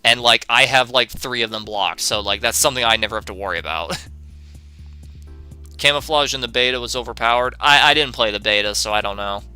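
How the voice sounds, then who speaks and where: A man's voice: mid-range voice, a little fast, bright, forceful tone, smooth, soft background music. A young man streaming a game, answering chat in a sarcastic, profane way and laughing often.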